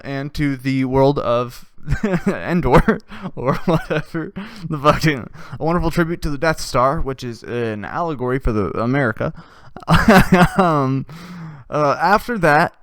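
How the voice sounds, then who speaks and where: A man's voice: a little high, a bit bright, smooth, no room sound. A man hosting a casual podcast, telling a story with frequent swearing, laughter and hummed tunes. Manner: laughs often and hums tunes while telling stories; swears freely. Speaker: podcast host.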